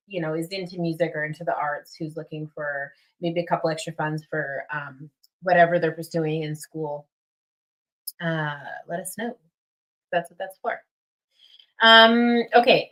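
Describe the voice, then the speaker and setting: Young female streamer, low-ish voice, loose and rambling, gets jazzed up easily. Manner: rambling, filler-heavy, excitable. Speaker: livestream host. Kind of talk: casual livestream chat.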